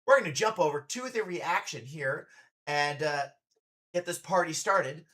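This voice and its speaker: A man's voice: on the high side, animated, measured pace, fairly bright tone. Chatty, teasing man hosting a stream. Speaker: streamer host, drag performer. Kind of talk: casual reaction-stream chat.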